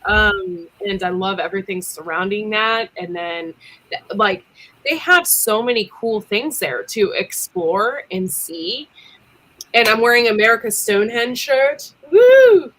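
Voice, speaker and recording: Woman on a livestream, bright voice, giggly and chatty, lots of ums. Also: mid-range voice, unhurried. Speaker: livestream co-host. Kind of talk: casual livestream chat.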